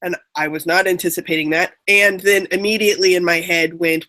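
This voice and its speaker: A woman's voice: lowish voice, fairly even intonation, fairly quick, few pauses, sharp tone. A woman trainer on a panel, telling a candid, self-reflective personal story.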